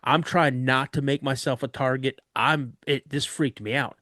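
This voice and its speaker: A man guest on a podcast, telling a story of an encounter in an animated way and acting out other people's voices. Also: medium pitch, normal speed, no echo, studio quality.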